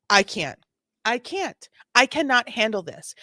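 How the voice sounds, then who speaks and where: A woman's voice: on the high side, very animated, a little slow, pushed and bright, dry recording, studio quality. A woman hosting a casual commentary on bodycam footage, sassy and exasperated, repeating her points. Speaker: host.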